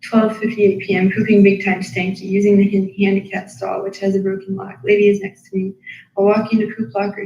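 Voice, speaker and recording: A woman's voice: mid-range voice, darkish tone. A tired woman reading her own diary aloud in an apartment, captured by someone else's livestream. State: tired after a long reading. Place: apartment room. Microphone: livestream captured by another person's device. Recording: roomy, slightly dull livestream audio.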